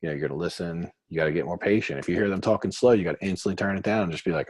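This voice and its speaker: A man coaching a group call, chatty and quick, acting out short quotes as he explains. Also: sits low, no room sound. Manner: fast, chatty, acts out quotes.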